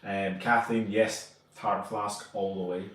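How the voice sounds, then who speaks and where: A Scottish man with a slightly low voice hosts a relaxed live chat. He reads out viewers' names and greets each of them in a friendly, rambling way. His voice sits a bit back from the mic, and a strong room echo hangs around it. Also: slow, distant mic. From Scotland. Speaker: co-host of a live stream. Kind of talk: casual live-stream chat reading comments.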